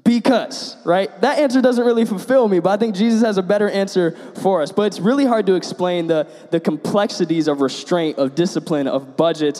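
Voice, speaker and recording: A young man with a slightly high voice gives a relaxed sermon. He drifts into personal stories and pokes fun at himself. His words trail off into a long reverb from the hall around him. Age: young adult. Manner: conversational, self-deprecating storyteller. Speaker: preacher.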